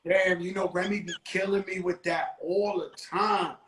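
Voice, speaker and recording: A man's voice: high-pitched, fairly even intonation, normal speed, fairly bright tone, roomy sound, slight background noise. A man hosting a casual interview over a video call, a little tipsy, joking loosely with plenty of cursing. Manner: loose, joking, profane street talk. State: tipsy from drinking. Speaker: host.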